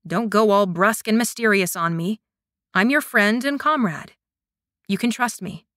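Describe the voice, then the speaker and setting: A woman's voice: medium pitch, normal speed, a bit bright, dry recording, studio quality, natural voice. Woman reading as a stubborn young woman warrior. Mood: protesting. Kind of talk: audiobook narration.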